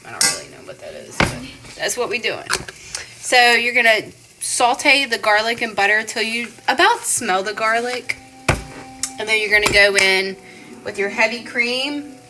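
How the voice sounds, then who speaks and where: A woman's voice: fairly high pitch, background noise. A woman, chatting with viewers in a casual home cooking vlog from her kitchen. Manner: chatty, addresses viewers as y'all and guys.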